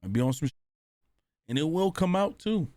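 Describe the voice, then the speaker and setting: Streamer guy reacting live, swears a lot, pretty high voice, dry close sound. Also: lively intonation, moderate pace, dark tone, no echo. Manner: blunt, profane, talks straight to chat.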